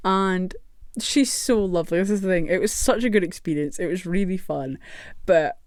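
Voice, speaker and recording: A woman's voice: on the low side, moderate pace, darkish tone, no echo, clean studio sound. A woman telling a story to camera in a casual, rambling way, swearing freely and laughing often.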